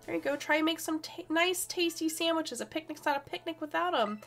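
Girl reading a friendly picnic npc offering snacks, high voice. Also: a little fast, fairly bright tone, soft background music. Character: generous picnicking game character offering sandwiches.

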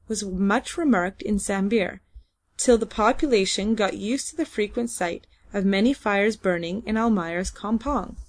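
A woman's voice: medium pitch, a little mellow. A woman narrating a classic adventure novel for an audiobook, with a mid-range voice. She reads steadily and evenly, carrying long descriptive sentences without hurry. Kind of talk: scripted narration.

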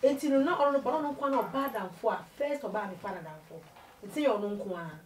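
A woman recounts her life story as an interview guest, her storytelling animated and moving between two languages. She sits well back from the mic in a roomy, echoing space. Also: on the high side, fast talker, distant mic, slight background noise. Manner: animated storytelling, mixing Twi and English.

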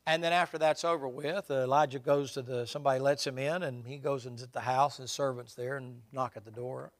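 A man's voice: mid-range voice, steady tone, brisk. A middle-aged man preaching a sermon, telling stories in a folksy, humorous way.

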